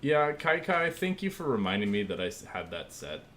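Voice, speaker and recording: A man's voice: medium pitch, big pitch swings, moderate pace, fairly bright tone, a little hiss or hum. A man streaming casually, rambling with lots of fillers as he thinks aloud and thanks viewers while he works. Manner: rambling, filler-heavy, easygoing. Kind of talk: casual live-stream chat.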